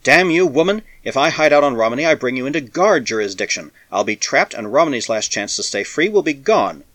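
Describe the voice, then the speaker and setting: Man doing a weary spacer, harsh, forceful, lively pitch, dry sound. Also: a little fast, no room sound. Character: weary battered adult male spacer, savage and stubborn.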